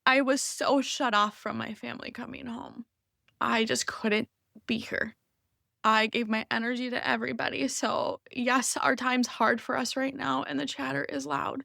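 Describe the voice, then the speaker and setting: A woman podcast host in her thirties, speaking off the cuff with open, rambling warmth and an emotional catch. Her voice sits a little high, and the recording is close and dry with no room sound. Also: fairly even intonation, normal speed, gravelly, dry recording. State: emotional, near tears. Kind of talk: unscripted personal podcast talk.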